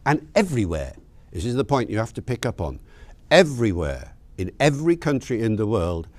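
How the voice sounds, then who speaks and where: A man's voice: on the low side, brisk, no echo. A man lecturing on language, telling stories and acting out bits of dialogue. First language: English. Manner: animated storytelling, acts out dialogue.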